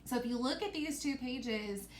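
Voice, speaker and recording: A woman's voice: on the high side, expressive, moderate pace. Upbeat woman teacher in an echoey room. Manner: bright, encouraging, sing-song teacher voice. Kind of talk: reading lesson for young children. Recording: echoey room with faint noise.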